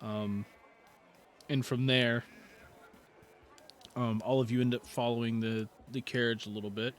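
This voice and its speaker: A man narrating as game master of a tabletop game, relaxed and full of fillers. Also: mid-range voice, a little slow, soft background music.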